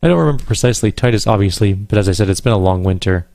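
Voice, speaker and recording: A man's voice: lowish voice, expressive, very fast, vocal fry, darkish tone, no echo, studio quality. A man voicing a weary, flippant young woman witness who talks in an evasive, wry way while reading a game aloud. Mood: guarded.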